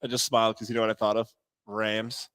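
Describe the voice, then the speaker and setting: A man's voice: on the low side, level tone, fast, fairly bright tone, clean tone. A man co-hosting a sports talk show, teasing his partner and reading out sports news with a wry edge. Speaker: co-host. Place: radio studio.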